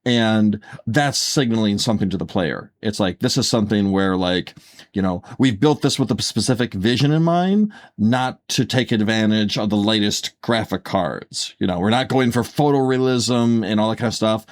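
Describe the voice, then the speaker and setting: A man's voice: fairly low pitch, moderate pace. A man co-hosting a casual podcast, talking things through in a rambling way with lots of fillers and restarts. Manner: rambling, filler-heavy, self-correcting. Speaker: podcast co-host. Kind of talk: casual chat.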